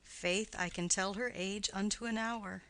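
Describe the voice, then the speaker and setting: A woman reading the part of a garrulous, doting old nurse in an audiobook play, with her voice climbing high and loud as she rambles. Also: fairly even intonation, unhurried, poor audio. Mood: rambling.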